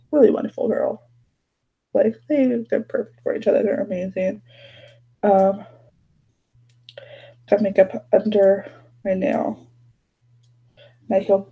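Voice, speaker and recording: A woman's voice: medium pitch, mellow, breathy edge, rough recording. A young woman chatting casually while doing her makeup at home, rambling with lots of fillers. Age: young adult. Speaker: beauty vlogger. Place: bedroom at home.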